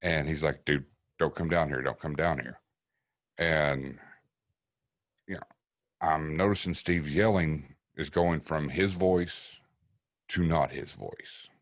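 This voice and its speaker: This is a man with an extremely deep voice, telling a story on a podcast in a relaxed, profane way. He acts out what the other people said as he goes. He sits close to a dry mic with no room sound. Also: slow, pauses often, no room sound. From East Tennessee. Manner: profane, vivid storyteller acting out quotes. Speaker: paranormal investigator guest.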